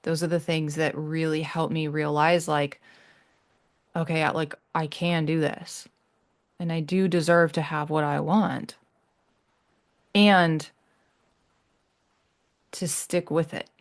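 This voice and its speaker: Low-voiced woman host, earnest and reassuring. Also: steady tone. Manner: earnest, reassuring, halting with restarts. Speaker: podcast host. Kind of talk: heartfelt solo podcast talk.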